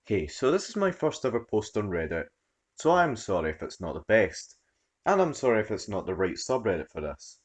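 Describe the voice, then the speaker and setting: A man narrates a story in a low voice with a lot of swing in his pitch. He reads expressively, the way a storyteller does. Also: very animated, brisk. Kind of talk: scripted narration.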